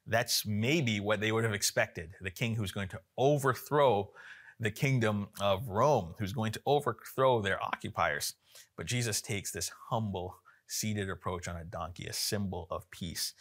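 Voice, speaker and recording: A man giving an informal sermon with a somewhat low voice. He talks in an easygoing, conversational way, with frequent fillers and false starts as he explains a passage. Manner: relaxed, informal, many fillers and restarts. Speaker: preacher.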